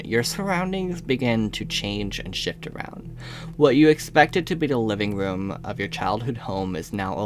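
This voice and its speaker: A man running a tabletop game as game master, narrating descriptively with frequent pauses and fillers. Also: fairly low pitch, background noise. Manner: descriptive, slows for atmosphere, frequent uhs.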